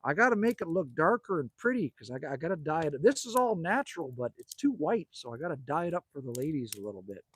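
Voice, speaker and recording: Man, middle-aged, livestream host, rambling jokey chat, animated pitch, outdoors by a fire. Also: fast talker, few pauses, husky. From Manitoba, Canada. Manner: chatty, rambling, jokey, calls people man and buddy. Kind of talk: casual livestream chat reading viewer comments. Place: outdoors at a cabin by a fire at night.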